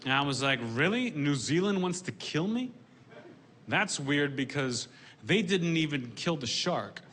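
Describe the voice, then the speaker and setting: A man performing a stand-up comedy set in a deadpan way, delivering dark punchlines dryly on a comedy stage with audience laughter behind him. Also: on the high side, a little slow, noisy background.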